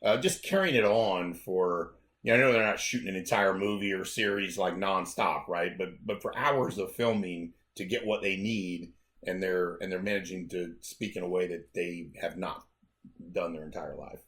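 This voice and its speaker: A man's voice: low voice, moderate pace, a bit bright. An American man co-hosting a casual podcast chat, enthusiastic and self-deprecating, laughing often. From United States. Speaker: podcast co-host.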